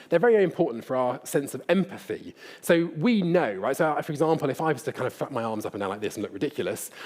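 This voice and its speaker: A man's voice: medium pitch, a little mellow. A middle-aged man giving a public lecture in a hall, speaking conversationally and addressing the audience directly.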